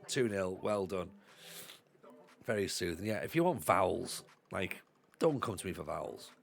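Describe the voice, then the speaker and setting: Low, gravelly Northeast English man with a cold. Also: animated, normal speed. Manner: rambling, joking, self-deprecating. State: has a cold. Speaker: streamer playing a football management game. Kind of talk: casual live-stream commentary.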